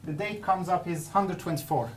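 Halting woman presenting a research paper. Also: fairly low pitch, a little hiss or hum. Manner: halting, many restarts and fillers. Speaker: academic presenter.

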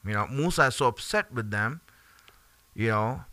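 Animated man telling a religious story. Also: mid-range voice, moderate pace, no room sound. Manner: animated, conversational, many fillers and laughs. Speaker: religious teacher. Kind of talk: storytelling sermon.

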